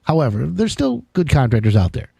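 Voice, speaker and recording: A man hosting a live home-improvement show, talking in a rambling, jokey, excitable way. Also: fairly high pitch, a little fast, gravelly, breathy edge, no room sound. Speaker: radio show host. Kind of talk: casual live call-in show chat.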